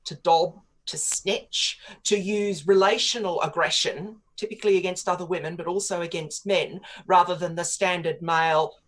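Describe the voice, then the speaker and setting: A woman's voice: on the low side, fairly even intonation, normal speed, few pauses. A woman, a political commentator arguing her views at length in a radio interview, articulate and opinionated. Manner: articulate and opinionated, long flowing arguments. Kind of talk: studio interview on talk radio.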